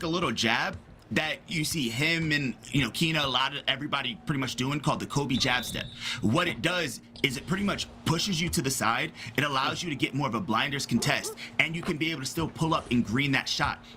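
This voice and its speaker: A man in his thirties giving excitable live analysis of an esports basketball match. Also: medium pitch, slight background noise. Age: 30s. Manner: excitable, breaks into laughter. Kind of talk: live game analysis commentary.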